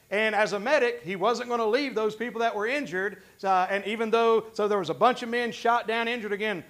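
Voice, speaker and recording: High-voiced fervent preacher, a man. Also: a bit bright. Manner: fervent, conversational preaching with many restarts. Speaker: pastor. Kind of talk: sermon.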